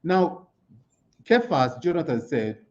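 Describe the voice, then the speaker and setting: A man's voice: fairly high pitch, big pitch swings, takes it slowly. A man giving a motivational talk, asking himself rhetorical questions and repeating key words for emphasis. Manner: asks rhetorical questions and answers them himself. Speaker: motivational speaker at an online conference. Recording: slightly muffled lo-fi sound.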